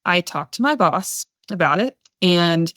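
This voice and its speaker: Chatty woman, low voice, dry sound. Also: unhurried, no room sound. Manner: chatty, retells conversations with lively quoted voices, many "like" fillers. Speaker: interview guest, missionary. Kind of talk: casual storytelling in a podcast interview.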